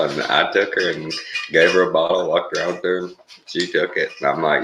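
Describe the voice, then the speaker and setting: Very deep-voiced older Texan man. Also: steady tone, fairly quick, noisy background. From Texas. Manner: folksy, rambling, chuckles often. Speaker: vlogger. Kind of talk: casual morning vlog.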